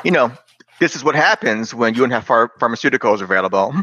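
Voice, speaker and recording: A man's voice: medium pitch, animated, fast, bright, forceful tone, lo-fi sound, a little hiss or hum. A man on a fan discussion panel, chatting casually and padding his talk with "I mean" and "you know.". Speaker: podcast panelist.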